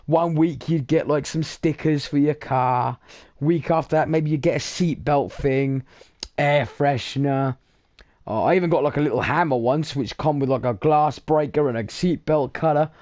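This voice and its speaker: Young british guy chatting blunt n sweary over a racing game, kinda high voice, dry close sound. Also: a little mellow, no room sound. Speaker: gaming streamer. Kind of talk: casual rambling chat over gameplay.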